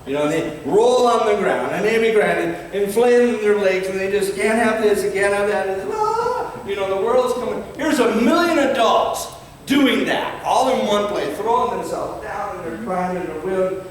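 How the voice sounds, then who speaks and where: Older man preaching, fiery and dramatic, slightly high voice, booming hall, picked up from far off. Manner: fiery, dramatic, swings from loud to quiet; slow, emphatic scripture reading. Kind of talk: sermon. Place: large church hall. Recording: echoey hall from far off, faint background noise.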